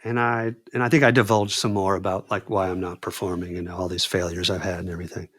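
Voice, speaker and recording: A man's voice: low-pitched, fast. A man telling a story as a podcast guest, acting out the people he quotes and talking casually with lots of "dude" and "man.". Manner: animated, acts out quoted dialogue; says "dude" and "man" often.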